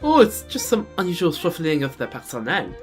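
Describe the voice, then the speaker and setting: A man voicing a polite, formal woman officer in a game, with a halting attempt at a French accent, stumbling over formal phrases. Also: on the high side, wildly swooping pitch, soft background music. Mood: courteous. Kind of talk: reading game dialogue aloud.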